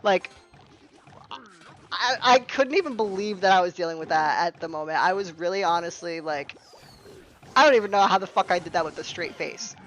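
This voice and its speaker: A woman's voice: fairly low pitch, moderate pace, a little hiss or hum, low-quality recording. A sarcastic, swearing young woman telling a story. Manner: sarcastic, profane, exasperated. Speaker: storytime streamer. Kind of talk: storytime vlog.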